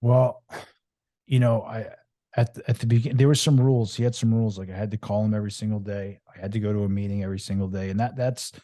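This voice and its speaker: A middle-aged man from Long Island speaks, his voice very low and dark. He tells his story in a rambling, lively way, full of fillers and restarts. The recording is dry and close. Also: quick pace, no room sound. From Long Island, New York. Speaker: podcast guest. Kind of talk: candid storytelling interview.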